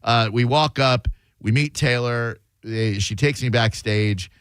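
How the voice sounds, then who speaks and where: Male radio host, storyteller, lively delivery, dry studio sound. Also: mid-range voice, measured pace, clear, resonant tone, dry recording. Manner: animated, does voices in his stories.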